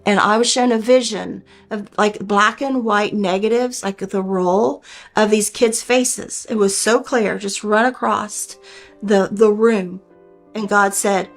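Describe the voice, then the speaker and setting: Earnest older woman telling her story. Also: mid-range voice. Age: 60s. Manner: earnest, heartfelt, re-enacts her own words and others' words. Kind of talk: personal testimony.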